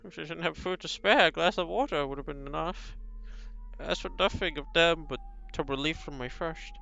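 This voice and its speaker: A brooding male beast who longs to be human, as a man reads him aloud, slow and solemn, with pauses between phrases. The voice is bright and smooth, with a gravelly edge. It comes through a slightly dull, lo-fi stream recording. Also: fairly high pitch, soft background music. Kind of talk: reading a visual novel aloud.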